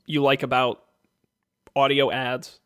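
A man's voice: medium pitch, little pitch movement, takes it slowly, fairly bright tone, clean tone, no echo, clean studio sound. A man co-hosting a podcast, rambling and joking in casual banter. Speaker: podcast co-host.

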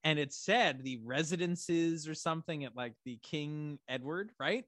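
Excitable rambling man, dry close sound. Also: fairly high pitch, unhurried, no echo. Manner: rambling, filler-heavy, swears, excitable. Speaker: podcast co-host. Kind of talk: casual chat recapping a TV episode.

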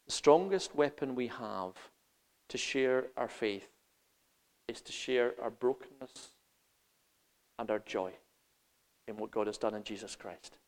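A man preaching a sermon, animated, swinging between loud emphasis and quiet intensity, laughing as he goes. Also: mid-range voice, measured pace, pauses often, long reverb tail.

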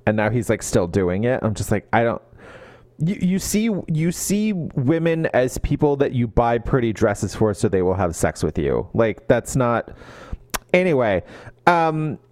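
Animated man with a lively pitch. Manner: animated, acts out characters' lines in quick quoted voices. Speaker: podcast co-host. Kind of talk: casual book discussion.

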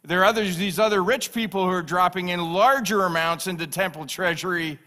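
A man's voice: high-pitched, a little fast, sharp tone. A man preaching a sermon as pastor, emphatic and repeating phrases for stress.

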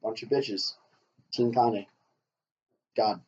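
Profane ranting man, mellow lo-fi voice. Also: lowish voice, fairly even intonation, slow, breathy edge. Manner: profane, ranting, laughs often. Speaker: podcast co-host. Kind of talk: casual chat. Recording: dull lo-fi sound.

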